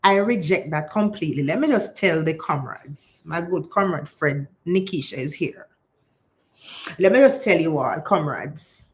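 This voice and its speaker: A woman with a Jamaican accent giving impassioned vlog commentary, switching between patois and standard English. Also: mid-range voice. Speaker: political commentator.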